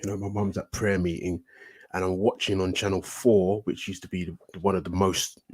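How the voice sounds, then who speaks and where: A British man, telling animated, slangy stories as a guest in a casual chat. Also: deep voice, moderate pace, husky. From United Kingdom. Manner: animated, swearing, slangy storyteller. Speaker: podcast guest.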